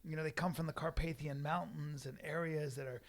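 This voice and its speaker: A man's voice: on the high side, fairly even intonation, brisk. A man co-hosting a casual podcast, cracking jokes and throwing in playful remarks. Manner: joking, playful interjections. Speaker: podcast co-host.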